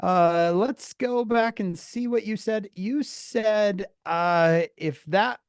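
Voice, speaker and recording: A man with a slightly high voice leads an online class for teenagers, telling an animated story and jumping into different voices for the dialogue. His voice comes across dry and close, with no room sound around it. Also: slow, clean tone, no room sound. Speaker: teacher of teenagers. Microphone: video call.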